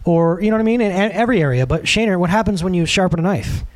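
Quick-paced and high-voiced, this thirtysomething pastor keeps his sermon conversational. He stays lively throughout and slips into different voices to act out the quotes he cites.

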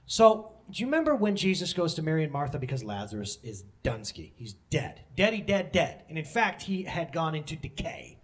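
A man in his thirties preaching a sermon, candid and joking, with sudden loud emotional bursts. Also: a little high, big pitch swings, fairly quick, few pauses. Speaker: pastor.

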